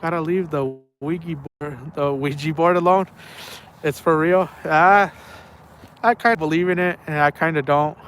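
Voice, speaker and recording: A man tells a rambling story on a night outing, circling back and repeating himself. His voice sits slightly high for a man. There is a faint hum of noise in the background. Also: fairly even intonation, moderate pace, a bit bright. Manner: rambling and repetitive, with slang like "man" and "bro". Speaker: angler telling stories on a night fishing trip. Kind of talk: casual spoken storytelling. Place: outdoors by the water at night.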